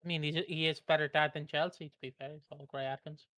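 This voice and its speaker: A man with a slightly high voice teases and jokes his way through a soap watch party. He sounds close and dry, with no room echo. His delivery is playful and mocking. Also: little pitch movement, bright, forceful tone. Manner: teasing, jokey, quick to laugh. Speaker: co-host reacting to a soap episode. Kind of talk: casual watch-party chat.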